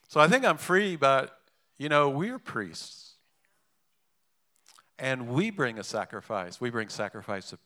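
A man's voice: mid-range voice, pushed and bright. A man preaching a sermon in a conversational way, with asides and restarts. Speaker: pastor.

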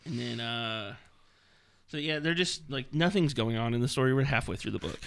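A man's voice: medium pitch, animated, normal speed, vocal fry, fairly bright tone, smooth. A man in casual podcast chat, reading passages from a book aloud with mocking asides and laughter. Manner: mocking, laughing while reading, many fillers.

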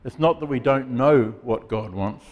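A man preaching a sermon as pastor, earnest and emphatic, with dramatic pauses. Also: medium pitch, darkish tone, in a large hall, lo-fi sound.

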